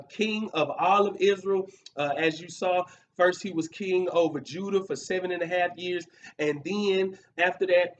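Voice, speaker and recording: An earnest man teaches a Bible study in a high, light voice, leaning on repeated phrases to drive his points home. He sounds set back from the microphone, with a faint hiss of room noise behind him. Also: muffled recording. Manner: earnest, repeats key words for emphasis, frequent fillers. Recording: distant mic with faint background noise.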